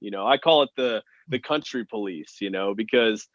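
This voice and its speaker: A man's voice: lowish voice, normal speed, dry recording, muffled recording. A man from Texas, a country singer guest, talking earnestly in casual interview chat with many "you know" fillers.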